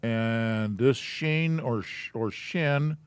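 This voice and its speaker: A man teaching a Hebrew alphabet class in a church classroom, explaining slowly and casually. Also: mid-range voice, clean tone, no echo.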